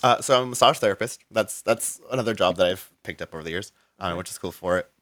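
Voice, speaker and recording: Male guest, lower voice, loose rambling storyteller, dry recording. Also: quick pace, a bit bright, no room sound. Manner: rambling, full of "like" and restarts. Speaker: interview guest. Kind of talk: casual storytelling in an interview.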